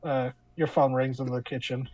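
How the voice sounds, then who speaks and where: A man's voice: mid-range voice, level tone, moderate pace, a little mellow, low-quality recording. A man narrating as game master of a tabletop game, rambling with many fillers.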